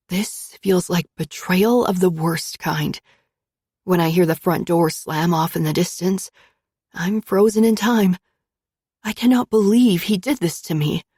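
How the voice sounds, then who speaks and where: Woman reading a romance audiobook, low husky voice, close dry sound. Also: a little mellow, dry recording. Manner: intimate, emotional storytelling. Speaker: narrator. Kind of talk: first-person romance audiobook narration.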